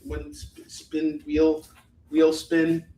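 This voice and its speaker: A man's voice: a little high, completely flat delivery, extremely slow, mellow. A man hosting a live comic-book sales stream, chatting casually, rambling and swearing freely as he prices each book. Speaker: live shopping stream host selling comics. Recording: echoey room.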